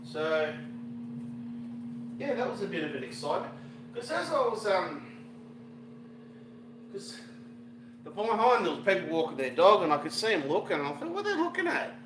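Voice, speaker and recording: A man's voice: sits high, animated, moderate pace, long pauses, echoey room, background noise. A middle-aged Australian man chatting casually on a livestream while cooking, rambling and greeting viewers with slang. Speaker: fishing vlogger cooking on a livestream.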